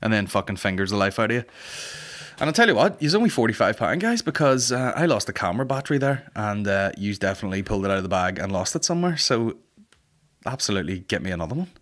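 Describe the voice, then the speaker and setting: A man's voice: fairly low pitch, sing-song, quick pace, fairly bright tone. A man in his thirties hosting a comedy podcast, rambling and swearing in a boisterous casual monologue. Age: 30s. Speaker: podcast host.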